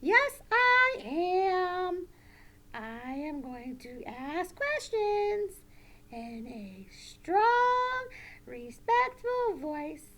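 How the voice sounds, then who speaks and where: A woman voicing a cheerful, polite little boy puppet for children, high and squealing, asking slowly and carefully. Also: sing-song, fairly bright tone, full character voice.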